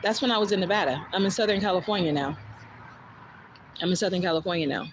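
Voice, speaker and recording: A woman's voice: fairly low pitch, fast, background noise. A woman with a New Jersey accent chatting casually on a livestream, blunt and candid, swearing freely and answering viewer comments. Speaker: livestream host.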